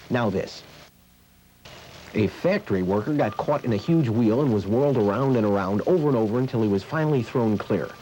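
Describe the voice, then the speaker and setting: Man, comedy host, dry measured joke delivery, warm mellow tone, faint background hiss. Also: mid-range voice, lively intonation, poor audio. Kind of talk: joke telling in a mock news segment.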